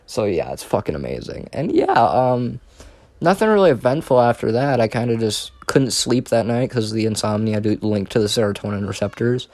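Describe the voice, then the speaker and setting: A man's voice: lowish voice, lively intonation, moderate pace, gravelly, darkish tone, no echo. A young man telling a casual storytime monologue, rambling and profane, with frequent restarts. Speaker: storyteller vlogger.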